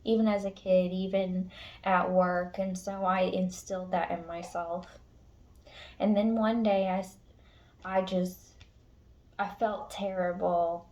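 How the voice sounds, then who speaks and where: A woman's voice: lowish voice, flat delivery, slow pace, a little mellow, dull audio. A woman tarot reader speaking casually and emotionally to her viewers, frank and earnest, swearing now and then. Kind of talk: casual spiritual pep talk to viewers.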